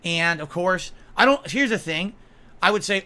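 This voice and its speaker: A man's voice: sits high, expressive, moderate pace, bright, forceful tone. A man on a livestream, ranting in an aggrieved, emphatic way, swearing and asking his viewers "right?" again and again. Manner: aggrieved, repeatedly asks "right?" and "okay?". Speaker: streamer.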